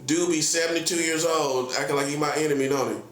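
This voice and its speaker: A man's voice: fairly high pitch, fairly even intonation, fast talker. Slangy boastful man in his forties. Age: 40s. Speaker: prophet. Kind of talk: casual vlog rant. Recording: echoey room with faint hum.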